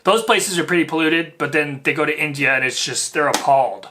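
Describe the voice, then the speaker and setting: A man's voice: on the high side, fairly quick, heavy background noise. A man hosting a reaction video, talking in a rambling, mocking way full of fillers. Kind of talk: casual commentary.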